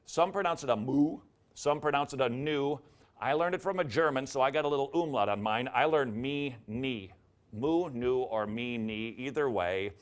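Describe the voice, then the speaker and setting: A man's voice: medium pitch, fairly bright tone, clean tone. Jokey man teaching letter sounds. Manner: jokey asides, repeats sounds aloud. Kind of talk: casual video lesson on the alphabet.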